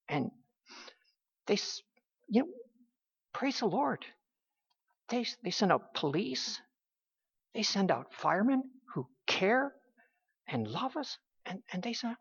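A woman preaching a sermon in a halting, emphatic way, with many restarts. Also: mid-range voice, slightly rough. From United States. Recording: dull lo-fi recording.

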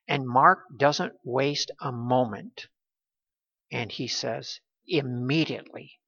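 Guy preaching a bible sermon, emphatic, lots of uhs, kinda gravelly, muffled recording. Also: medium pitch, bright, forceful tone. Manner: earnest, emphatic, frequent uh fillers. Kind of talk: expository sermon.

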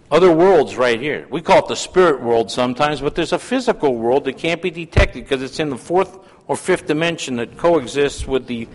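A man preaching a sermon, swinging between loud emphatic calls and hushed asides. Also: mid-range voice. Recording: long hall reverb.

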